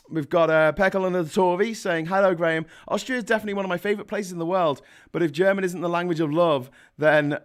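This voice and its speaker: A man in his forties with a slightly raised pitch hosts a relaxed history live stream. He reads out viewer comments and jokes between points. His talk is loose and full of restarts. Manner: chatty and jokey, with many restarts. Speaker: history show host. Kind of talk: casual live-stream talk, reading out chat.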